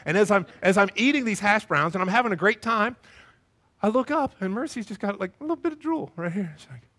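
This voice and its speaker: A male pastor preaching a sermon, telling stories in a lively way and acting out the voices of the people in them. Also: high-pitched, fast talker. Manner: lively storytelling, acts out voices.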